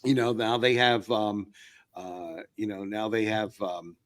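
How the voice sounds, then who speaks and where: A man's voice: on the low side, measured pace, fairly bright tone. A man appearing as a podcast guest, talking sports in a casual, rambling way with many fillers and restarts.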